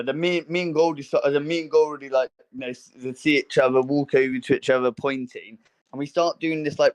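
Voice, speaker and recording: A young man co-hosting a casual podcast, telling a story with many fillers and restarts and acting out quotes in a higher voice. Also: clear, resonant tone. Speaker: podcast co-host. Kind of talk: casual chat.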